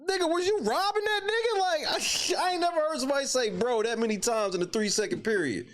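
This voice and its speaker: A man hosting a casual reaction talk show, cursing freely and breaking into laughter. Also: quick pace. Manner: loud laughing, profane, swaying between high and low pitch. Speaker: show host.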